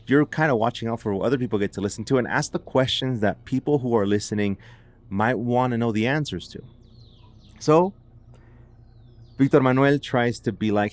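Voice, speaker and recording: A man's voice: medium pitch, normal speed. A man hosting a podcast, retelling a case in a casual, chatty way full of "like"s and restarts. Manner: chatty, filler-heavy with many "like"s and restarts. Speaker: podcast host. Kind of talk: casual storytelling narration.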